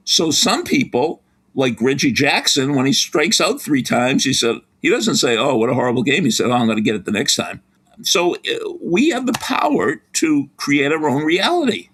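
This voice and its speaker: An older man, a sports psychology professor, giving advice as a podcast guest in lively storytelling fashion. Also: breathy edge. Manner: lively, animated storytelling with big pitch swings.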